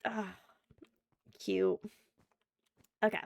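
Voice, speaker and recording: A woman's voice: very slow, dark tone, no room sound, clean studio sound. A woman streamer chatting casually and thinking aloud while playing a game. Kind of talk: casual live-stream chat while gaming.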